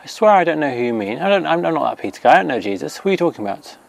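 A man's voice: fairly high pitch, big pitch swings, creaky, voice pushed up. Man putting on a flustered, panicky fisherman. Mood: panicked. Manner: flustered, rushed denials. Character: frightened male fisherman denying a friend.

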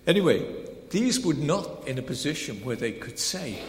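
A man preaching a sermon in a conversational, animated way, swinging between loud proclamation and soft emphasis. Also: fairly high pitch, brisk. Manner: conversational, with many fillers like "kind of, like". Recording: echoey hall with faint background noise.

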